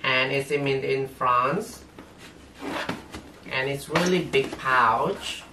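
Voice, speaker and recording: A man with a non-native English accent, talking through an unboxing haul as a vlogger in halting, hesitant English full of fillers. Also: mid-range voice. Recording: roomy echo, distant mic, faint noise.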